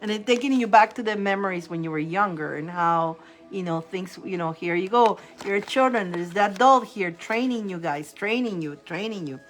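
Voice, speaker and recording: A woman's voice: mid-range voice, normal speed. A woman from Italy hosting a live tarot stream, chatting casually with viewers, laughing often and greeting them by name.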